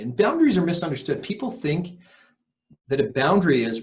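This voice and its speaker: A man's voice: on the high side, big pitch swings, fairly quick. A man, a recovery coach guest on a podcast, explaining earnestly and emphatically, acting out quoted lines.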